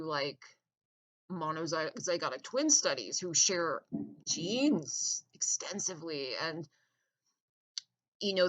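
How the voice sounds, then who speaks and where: A woman talks straight into the camera in a long, rambling rant. Her tone is bright and sharp, and her voice sits low. She sounds contemptuous, circles back to the same points and leaves sentences unfinished. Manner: contemptuous, rambling, repeats herself. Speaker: vlogger. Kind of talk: ranting monologue.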